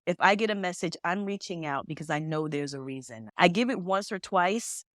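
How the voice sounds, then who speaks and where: A woman's voice: fairly low pitch, a little fast, dry recording, clean studio sound. A woman talking as a medium and podcast guest, telling stories and acting out the dialogue in them. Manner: animated storyteller who acts out quoted dialogue. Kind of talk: storytelling conversation.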